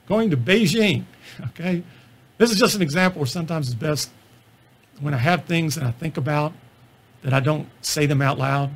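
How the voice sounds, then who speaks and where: A middle-aged physician gives an anecdotal talk on stand-up comedy, using self-deprecating travel stories as his examples. His voice is a little high, gravelly and husky, and he drifts into relaxed asides as he pokes fun at himself.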